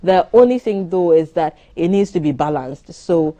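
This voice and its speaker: A woman, a doctor giving measured advice on a morning TV show. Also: fairly low pitch, lively intonation, dark tone. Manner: explanatory, measured, advisory. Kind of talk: studio interview on a morning TV show.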